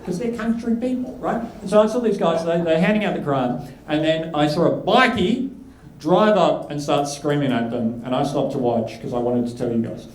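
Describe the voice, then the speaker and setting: A man with an Australian accent doing a stand-up routine, telling a story with animated delivery on a comedy club stage. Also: a little high, moderate pace. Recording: echoey club room.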